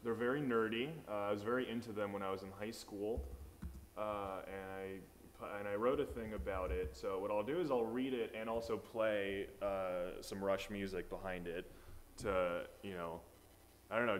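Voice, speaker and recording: Speaking at normal speed in a lowish, steady voice, a young stand-up comedian works through an open mic set in a small venue, with a little hiss or hum on the recording. He rambles, puts himself down, and keeps dropping "you know what I mean" among his filler asides.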